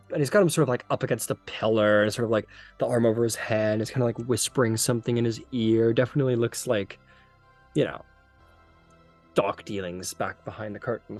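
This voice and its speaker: A man narrating as game master of a tabletop game, rambling with many fillers. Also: medium pitch.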